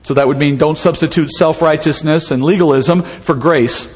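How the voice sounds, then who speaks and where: A man teaching verse by verse from the Bible, conversational and animated, acting out the dialogue with humor. His voice sits a little high. It rings with the long reverb of a large hall. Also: normal speed.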